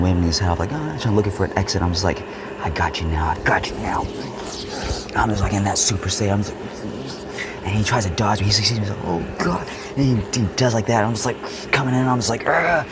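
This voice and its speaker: A man casually telling a story from his school years, acting out the voices and swinging from whispers to shouts. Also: fairly low pitch, fast talker, heavy background noise. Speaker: vlogger.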